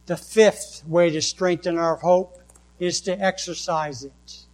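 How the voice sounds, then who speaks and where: A man with a New England accent, preaching a sermon and reading scripture verses slowly and deliberately. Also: a little high, rough recording. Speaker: pastor.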